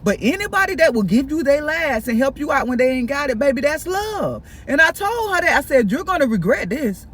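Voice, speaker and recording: Very high-voiced man telling gossip. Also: a little fast, few pauses. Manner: animated, gossipy, keeps addressing viewers directly. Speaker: vlogger. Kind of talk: casual storytime while eating.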